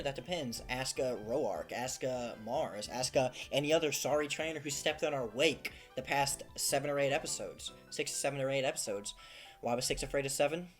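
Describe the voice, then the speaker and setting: A man talking through a video game run in chatty, self-mocking commentary. He gets excitable over the game. Faint music plays under his voice. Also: mid-range voice, a little fast. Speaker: gaming YouTuber. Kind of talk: let's play commentary.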